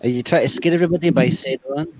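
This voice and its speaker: A man leading a ghost-hunting spirit box session on a livestream, calmly questioning the spirits and coaxing them to come forward. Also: mid-range voice, very fast, dry recording, muffled recording. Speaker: paranormal investigator streamer.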